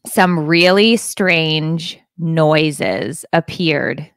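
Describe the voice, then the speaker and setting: A woman co-hosting a podcast from home chats casually, rambling, laughing, and making crude jokes. Her deep, clear, resonant voice draws out its words, captured dry and clean on a podcast microphone with studio-quality sound.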